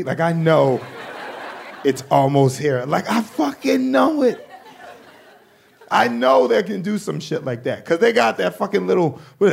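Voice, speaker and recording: Young comedian guy, high voice with a gravelly edge, cusses a lot telling stories. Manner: profane, animated storytelling. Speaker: stand-up comedian. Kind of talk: stand-up comedy.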